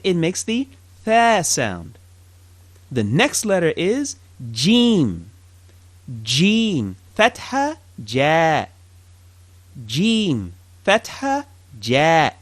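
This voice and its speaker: Slow, patient man teaching sounds. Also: a little high, wildly swooping pitch, no room sound. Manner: patient, repeats each sound for the listener. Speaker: Arabic teacher. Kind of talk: slow language lesson with drills.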